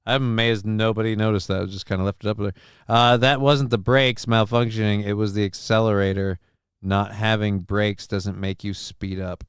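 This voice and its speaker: A man's voice: lowish voice, flat delivery, moderate pace, smooth, no room sound, clean studio sound. A man hosting a casual livestream, reading the chat aloud, joking, loose and profane, with lots of ums and uhs. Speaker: livestream show host.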